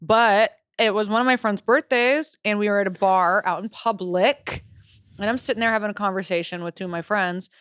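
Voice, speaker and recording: A woman's voice: medium pitch, brisk, fairly bright tone, smooth, no echo, clean studio sound. A woman co-hosting a podcast in casual chat, blunt and crude, laughing often. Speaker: podcast co-host.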